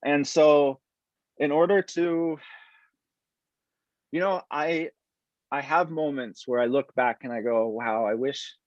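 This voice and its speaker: A man's voice: on the high side, dry recording. Reflective male veteran on a dry call. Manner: reflective, halting, with frequent restarts. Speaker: guest, military veteran. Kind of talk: earnest conversational interview. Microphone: video call. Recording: slightly dull, dry video-call audio.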